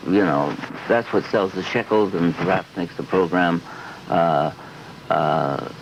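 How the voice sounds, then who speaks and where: A man's voice: sits low, a little slow. A man in his fifties in a television interview, rambling and acting out little scenes in other voices. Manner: rambling, animated, acts out quotes in voices. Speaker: interview guest. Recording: dull lo-fi 1970s archive audio with faint hiss.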